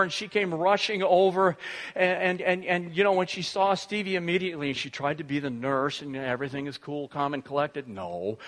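A middle-aged pastor with a high voice delivers a sermon, weaving a personal story into scripture. He tells it in an animated way, full of fillers and restarts. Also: big-room sound.

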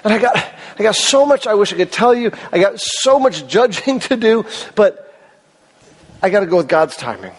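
Pastor, man, high voice with cracks in it, earnest sermon, long hall reverb. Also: animated, normal speed, slightly rough. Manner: earnest, emphatic, asks the congregation questions. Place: church service hall.

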